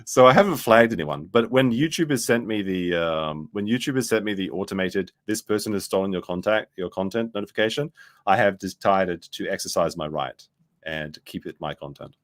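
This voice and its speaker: A man with a low voice doing casual streamer commentary. He rambles, swears freely and loses his place mid-sentence. His pitch swings widely as he talks. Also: expressive, moderate pace. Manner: rambling, profane, loses his train of thought.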